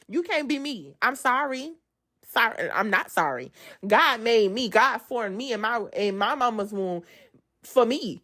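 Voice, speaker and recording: A woman giving an amped-up devotional talk in a casual, colloquial way and addressing her listeners as y'all. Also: a little high. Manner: swings between loud emphasis and soft asides. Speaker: speaker giving a devotional testimony.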